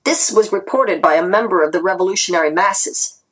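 A woman reading aloud and voicing a cruel male interrogator who taunts and snarls, her voice husky. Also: lowish voice, a little fast, fairly bright tone, low-quality recording. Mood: taunting.

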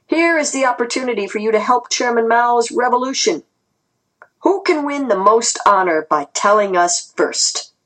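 A woman reading aloud and voicing a cruel male interrogator who taunts and snarls, her voice husky. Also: a little high, animated, normal speed, fairly bright tone, pitched above the performer's own voice, poor audio. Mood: taunting.

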